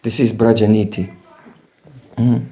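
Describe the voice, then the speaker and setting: A man's voice: fairly low pitch, measured pace. A man giving a devotional lecture, telling stories and checking in with rhetorical questions. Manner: animated storyteller, asks rhetorical "hmm?". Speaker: spiritual teacher.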